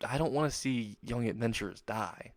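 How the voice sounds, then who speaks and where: A man voicing a kind, worried young woman who works as a guild clerk and gives quick, caring advice. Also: mid-range voice, no room sound, close to an everyday voice. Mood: concerned.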